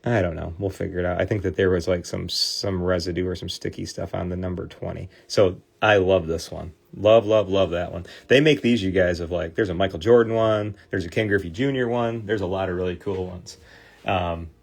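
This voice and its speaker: A man in his forties with a Midwestern accent hosts a casual livestream. He talks straight to his viewers in a lowish voice and often backs up and restarts his sentences. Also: fairly even intonation, fairly quick, gravelly. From Michigan, US Midwest. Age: 40s. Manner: chatty, talks to viewers with many fillers and restarts. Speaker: livestream host restoring trading cards.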